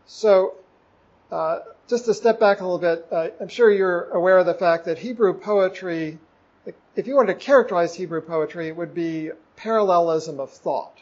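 A man's voice: on the high side, darkish tone, dull audio. A man leading a Bible study class, talking conversationally with many fillers and self-corrections. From United States. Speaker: ruling elder teaching a Bible class. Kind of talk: informal Bible lesson.

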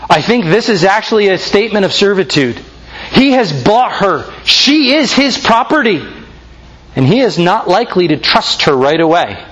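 High-voiced, lively male preacher. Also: highs cut off. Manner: earnest, emphatic preaching with slow stressed phrases. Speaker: pastor. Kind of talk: sermon.

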